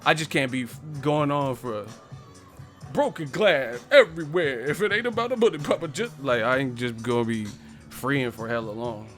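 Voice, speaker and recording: A man's voice: medium pitch, moderate pace, fairly bright tone, soft background music. A man hosting a casual live stream, playfully rapping his own bars and laughing at them.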